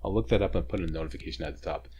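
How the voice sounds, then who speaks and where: A man's voice: low-pitched, rapid-fire, a little mellow, husky. A man hosting a video game walkthrough, chatty and joking as he explains each step. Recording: faint ambient noise, sirens nearby.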